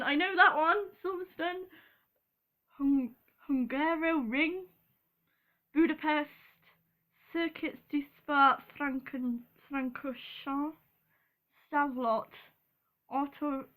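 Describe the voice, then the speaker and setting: Casting: young British woman, giggly and rambling, slow delivery, slightly high voice. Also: a bit bright. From Britain. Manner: giggly, rambling, apologetic, with frequent ums. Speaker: vlogger. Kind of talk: casual chat.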